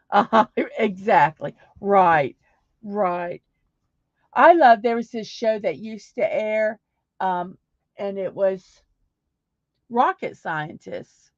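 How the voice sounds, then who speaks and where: This medium-pitched woman is hosting a relaxed livestream, wandering through chat, reading comments aloud, offering warm thanks and restarting many times. There's no room sound; the stream audio is dry and somewhat dull.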